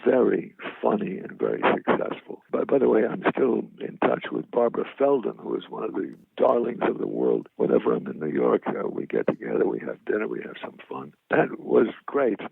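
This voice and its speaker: An older man, an actor, telling animated stories of his career in an interview, with salty language. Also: fairly low pitch, normal speed, gravelly, hardly any pauses, husky, no room sound. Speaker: actor guest. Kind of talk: storytelling interview. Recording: tinny phone-like line, dry.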